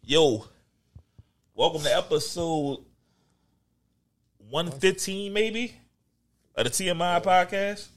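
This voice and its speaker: A man hosting a podcast in casual chat, animated and laughing through slangy banter. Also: high-pitched, takes it slowly, pauses often. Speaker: podcast host.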